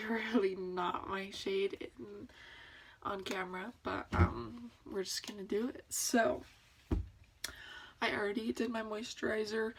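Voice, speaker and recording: Husky young woman with morning voice. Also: medium pitch, steady tone, distant mic. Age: young adult. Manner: rushed, chatty, laughs often. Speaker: beauty vlogger. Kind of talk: casual makeup tutorial. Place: home, filming on phone. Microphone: phone on tripod.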